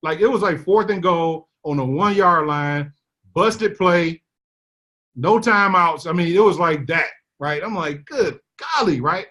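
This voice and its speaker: A man tells his team a business story. He slips into the voices of the people he quotes, full of animated energy. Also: fairly high pitch, measured pace. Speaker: network marketing leader.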